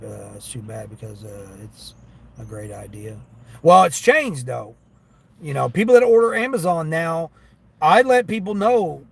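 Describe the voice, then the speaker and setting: A man's voice: on the high side, gravelly, slightly rough. Chatty man venting from his car. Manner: chatty, complaining, acts out customers' voices. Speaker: delivery driver livestreamer. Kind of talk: casual livestream chat while driving.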